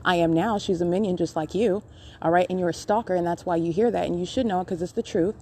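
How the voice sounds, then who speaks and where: A woman's voice: fairly low pitch, fast, a little mellow. Woman going on and on, accusing, repeats herself, darkish voice, noisy phone recording in a library. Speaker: podcast host recording her own encounters. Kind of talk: live self-recorded commentary. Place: public library.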